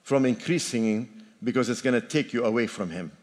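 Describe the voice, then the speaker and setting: A man's voice: mid-range voice, a little fast. Older man preaching in a reverberant church. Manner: emphatic, repetitive preaching with joking asides. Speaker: pastor. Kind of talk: sermon. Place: church sanctuary. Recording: long reverb of a church hall.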